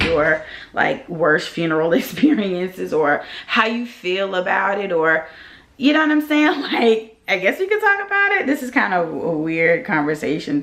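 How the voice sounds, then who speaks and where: A young woman with features talks straight to her camera in a casual vlog. She tells a personal story in an animated way, her voice heating up as she acts out what people said. Her pitch sits in a middle range. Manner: animated, heated retelling with lively quoted rants. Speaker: vlogger.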